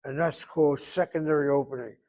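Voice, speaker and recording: Higher-voiced man teaching Hebrew grammar. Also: fairly even intonation, a little mellow. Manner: slow, explaining, drawn-out pronunciations. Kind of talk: classroom grammar lesson.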